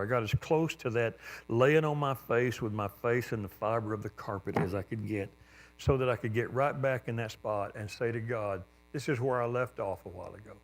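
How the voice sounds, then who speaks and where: A man preaching a sermon, telling a personal story with lively jumps in pitch and sudden quiet drops. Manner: animated storyteller, voice jumping up with excitement then dropping low.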